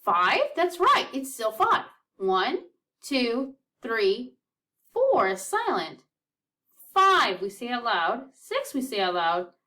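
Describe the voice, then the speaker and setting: A woman's voice: on the high side, wildly swooping pitch, takes it slowly, pushed and bright, distant mic. Upbeat woman teaching a music class. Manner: upbeat, encouraging, counts beats aloud. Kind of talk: children's music lesson.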